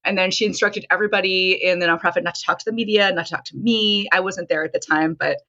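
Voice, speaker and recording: Podcast guest: woman coach, animated talker, bright edgy tone, muffled lo-fi recording. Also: lowish voice, fast talker. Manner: animated storytelling, frequent "like". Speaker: nonprofit consultant and coach, guest. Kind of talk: conversational podcast interview. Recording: dull lo-fi sound.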